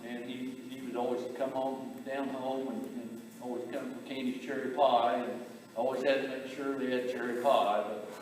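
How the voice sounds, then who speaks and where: A man giving a eulogy for his brother, telling family stories in a halting way, repeating words and chuckling. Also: mid-range voice, flat delivery, a little hiss or hum. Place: memorial gathering in a large hall. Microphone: distant camera. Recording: echoey hall from far off.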